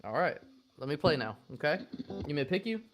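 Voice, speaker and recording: A man talking casually to camera about guitar and music, rambling and relaxed, full of slang, now and then cooing at his dog. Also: fairly high pitch, brisk. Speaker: guitarist and vlogger.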